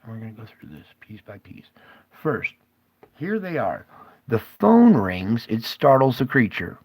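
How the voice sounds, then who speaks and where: A man's voice: mid-range voice, big pitch swings, unhurried, darkish tone, slightly rough, no echo. A man rambling as he hosts a conspiracy video, breaking up his talk with questions to the viewer. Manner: rambling, keeps asking "okay?".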